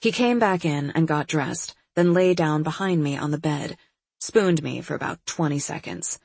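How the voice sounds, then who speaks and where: A woman with a husky voice reading a first-person novel in a wry, detached manner. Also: low voice, normal speed, darkish tone, no room sound. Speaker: audiobook narrator. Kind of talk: scripted first-person narration.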